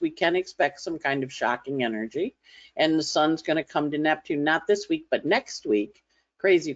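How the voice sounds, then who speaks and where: Chatty woman astrologer, lo-fi sound. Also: sits low. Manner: chatty, conversational, mimics others in playful voices. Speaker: astrologer giving a weekly forecast. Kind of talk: casual spoken forecast. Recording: slightly dull lo-fi audio.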